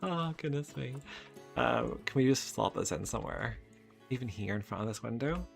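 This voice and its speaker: A man talks his way through a building game, narrating every click and cooing at the animals. His voice sits in a middle range. Game music plays clearly behind him. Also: mid-range voice, expressive, moderate pace. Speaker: gaming YouTuber. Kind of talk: casual game commentary. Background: game background music.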